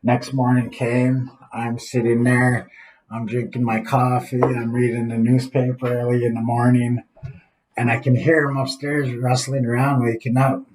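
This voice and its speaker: An earnest man in his office tells a personal story about his son and his recovery. He talks reflectively at an ordinary pitch and pauses as he goes. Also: flat delivery, a little mellow, poor audio.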